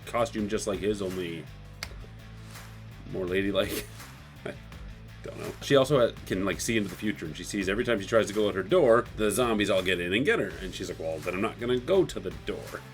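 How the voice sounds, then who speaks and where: A man's voice: on the low side, a little fast, faint music behind. A man casually retelling a comic book issue, chatty and loose, often slipping into quoted lines. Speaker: comic book recap host.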